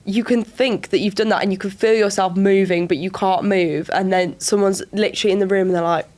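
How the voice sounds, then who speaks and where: A woman's voice: mid-range voice, fairly even intonation, fairly quick, a little mellow. A young woman co-hosting a podcast, chiming in and musing in casual chat. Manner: short reactions and musing. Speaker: podcast co-host.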